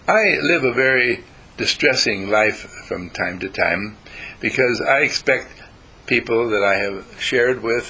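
A man giving a spiritual talk to a group, halting and repeating words as he teaches. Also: medium pitch, sharp tone, breathy edge, poor audio. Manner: halting, repeats words, acts out quoted voices.

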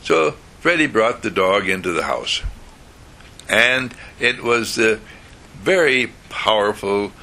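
Slow lively storyteller, man, gravelly and husky, bedtime tale. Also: on the low side. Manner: slow, animated, chuckling storytelling.

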